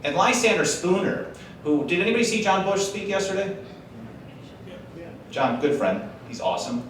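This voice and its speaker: His voice sits high and sing-song, with a moderate pace and a fairly bright tone, as this Wisconsin conference speaker casually jokes with a live audience and drifts into slangy asides. A little hiss or hum is present, and the sound is echoey, picked up from a distance in a large hall.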